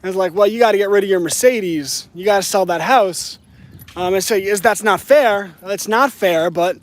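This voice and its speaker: A high-voiced man delivers a preachy vlog monologue outdoors as he walks his dog. He repeats himself often and keeps checking in with "right?". The sound is a casual phone recording out on the street. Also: moderate pace. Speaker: channel host. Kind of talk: casual talk to camera while walking the dog.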